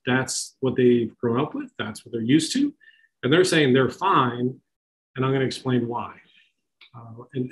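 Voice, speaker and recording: A man's voice: medium pitch, poor audio. A middle-aged man giving an informal talk to parents, conversational, with many fillers and restarts. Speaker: speaker at a parent talk on kids and technology.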